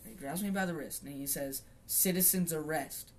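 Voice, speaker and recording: A man's voice: fairly high pitch, fairly quick. A young man hosting a podcast, telling a story casually in a rambling, profane way, full of fillers and restarts. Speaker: podcast host.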